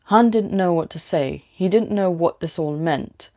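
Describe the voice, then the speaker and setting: Woman with a mellow, low reading voice. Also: a little slow. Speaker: storyteller. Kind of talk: story reading.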